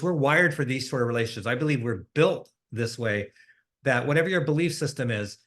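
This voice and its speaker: A man's voice: medium pitch, a bit bright. A middle-aged man hosting a podcast, talking casually about mentorship with frequent fillers and restarts. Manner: conversational, many fillers and restarts. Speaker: host.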